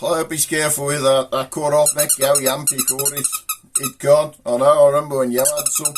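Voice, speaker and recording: A man's voice: a little high, wildly swooping pitch, fairly quick, background noise. Man, Black Country accent, rambling folksy joke-teller, casual comic monologue. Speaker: comic video host.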